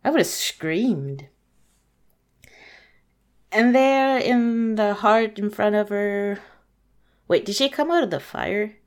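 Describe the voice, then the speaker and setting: A woman's voice: mid-range voice, animated, slow, long pauses, smooth. A woman casually reading a fairy tale aloud, sarcastic and hesitant, swearing and questioning the story's logic as she goes. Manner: hesitant, many fillers and restarts.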